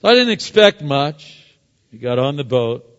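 A middle-aged man preaching a sermon as a pastor, telling stories with sudden loud and quiet turns. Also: medium pitch, sing-song, moderate pace, clear, resonant tone. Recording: long hall reverb, dull lo-fi sound.

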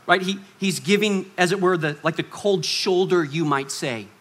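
Bright-voiced, animated male preacher. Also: sits high, moderate pace. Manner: animated, swings from loud to hushed, acts out quoted voices. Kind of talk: sermon.

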